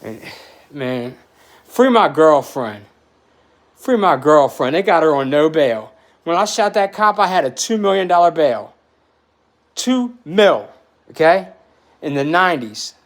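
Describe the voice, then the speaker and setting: Man in his forties, slightly high voice, animated profane storyteller, emotional. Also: measured pace, pauses often. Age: 40s. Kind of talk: storytelling in a podcast chat.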